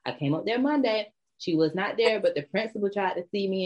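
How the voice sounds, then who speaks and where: A woman's voice: medium pitch, lively intonation, brisk, hardly any pauses. A middle-aged woman co-hosting a casual chat, blunt, brash and profane. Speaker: podcast co-host. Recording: dull lo-fi sound.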